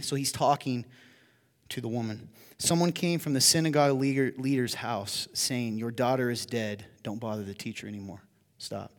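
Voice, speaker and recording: A male pastor preaching a sermon, moving between hushed storytelling and loud, emphatic appeals to the congregation. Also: medium pitch, long reverb tail. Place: church hall.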